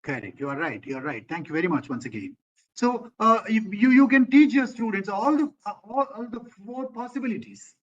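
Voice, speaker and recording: A man's voice: high-pitched, expressive, a little fast, highs cut off. A man, training teachers in an online lecture and quoting classroom phrases. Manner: asks questions of remote centers, quotes classroom phrases.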